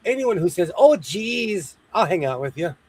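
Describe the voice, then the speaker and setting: A man's voice: fairly high pitch, quick pace, slightly rough. A man chatting casually on a video stream, telling stories and joking. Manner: animated storyteller, jokey. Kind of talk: casual chat.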